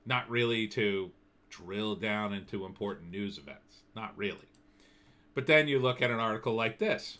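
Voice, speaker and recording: A man's voice: on the low side, expressive, moderate pace, bright, forceful tone. A man giving an opinionated, sardonic commentary monologue in a loose, conversational way. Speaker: political commentator.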